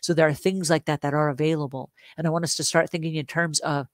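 A middle-aged woman hosting a live show, talking in a chatty, animated way and asking her audience questions. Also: low-pitched, fast, no echo, clean studio sound. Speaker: host. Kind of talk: casual live-stream talk.

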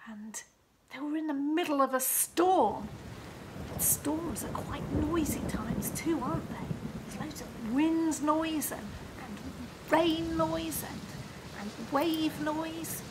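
A woman leading a children's liturgy, telling a Bible story slowly and expressively, often dropping into a hushed whisper and asking the children questions. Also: high-pitched, background noise. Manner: asks the listener questions, slow and expressive.

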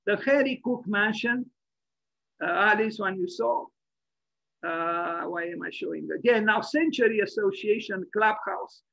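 Gravelly, bright-voiced man lecturing online. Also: high-pitched, a little slow, no room sound, muffled recording. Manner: rambling and opinionated, many fillers. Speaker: architect lecturer and host.

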